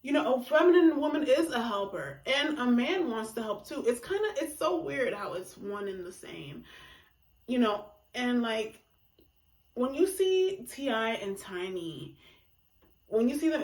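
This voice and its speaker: A woman's voice: fairly high pitch, very animated, unhurried, a little mellow, reverberant. A woman giving a casual monologue about relationships, talking emphatically and acting out reactions in quoted voices. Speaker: relationship commentator.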